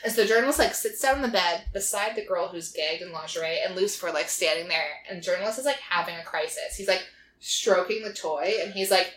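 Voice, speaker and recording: Animated woman retelling a show. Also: lowish voice, fast, slight background noise. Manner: animated retelling, constant "like" fillers. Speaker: co-host recapping a TV episode. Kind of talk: casual chat. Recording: roomy echo.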